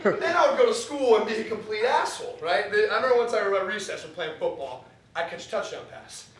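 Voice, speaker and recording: Young man, high lively voice, comic storyteller, roomy theater, distant mic. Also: fast, heavy background noise. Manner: animated storytelling, laughing through lines. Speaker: stand-up performer. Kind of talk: solo comedy show. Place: theater stage.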